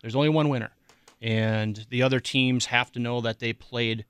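A middle-aged man, a youth softball coach speaking as a radio guest, hesitant with many ums. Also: medium pitch, steady tone, moderate pace, clean tone, no echo. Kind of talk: casual radio interview.

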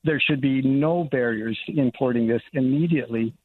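A man's voice: mid-range voice, normal speed, slight background noise. An older man, a congressman, speaking earnestly as a guest in a radio interview by phone. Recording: tinny phone line.

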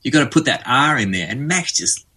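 A man with an Australian accent, a former band bassist, chatting easily as an interview guest and rambling through stories with plenty of fillers. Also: lively intonation, fairly quick, pushed and bright, slightly rough. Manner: easygoing, rambling storyteller with fillers. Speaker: musician guest. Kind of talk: casual interview chat.

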